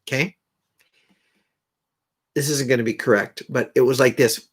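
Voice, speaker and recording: A man's voice: medium pitch, normal speed, pauses often, slightly rough. A middle-aged man hosting a live stream, chatting casually and rambling to viewers in a folksy way between songs. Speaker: live stream host and guitar player.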